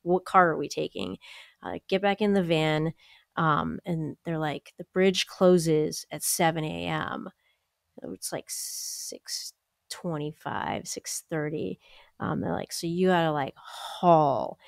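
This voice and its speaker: Lowish-voiced woman telling a wild story. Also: slow pace, gravelly, no room sound, studio quality. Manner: animated, acts out quoted voices, lots of "like" and laughter. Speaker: podcast co-host. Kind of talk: casual storytelling chat.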